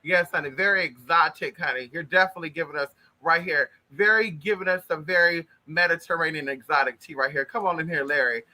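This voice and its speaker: A man chats with his livestream viewers in a high, piercingly bright voice, welcoming each by name. He is flamboyant and blunt, curses freely, and calls everyone honey. The talk stays loose and unscripted. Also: fairly quick, hardly any pauses. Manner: profane and blunt. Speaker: livestream host. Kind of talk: casual livestream chat greeting viewers.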